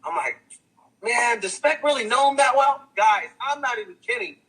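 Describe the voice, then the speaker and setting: A man's voice: very high voice, lively intonation, moderate pace, bright, forceful tone, slightly rough, poor audio. A man giving a motivational sales testimonial, hyped and repetitive, who keeps calling out "guys" and "guess what.". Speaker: testimonial speaker.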